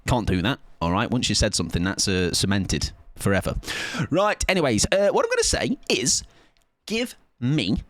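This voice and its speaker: A man's voice: mid-range voice, a bit bright, no room sound. A man chatting casually on a live gaming stream, rambling and laughing often.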